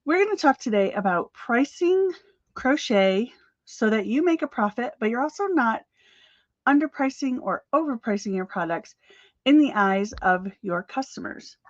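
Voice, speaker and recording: A woman's voice: on the high side, expressive, moderate pace, no echo, highs cut off. Chatty, upbeat woman coach, dry close sound. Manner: chatty, upbeat, with laughs and fillers. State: slightly out of breath. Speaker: crochet business coach. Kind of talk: live-streamed chat.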